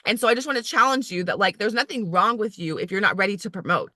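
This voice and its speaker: A woman who is an area manager, giving a chatty, emphatic motivational talk to her team, full of "like", and acting out inner voices in a higher pitch. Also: lively intonation, fast talker, bright, forceful tone, no echo, clean studio sound.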